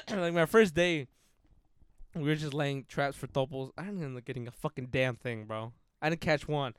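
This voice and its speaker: A man's voice: medium pitch, moderate pace, smooth, dry recording, clean studio sound. A young man telling a rambling story in casual podcast chat, swearing freely and packing in 'like' and 'bro'.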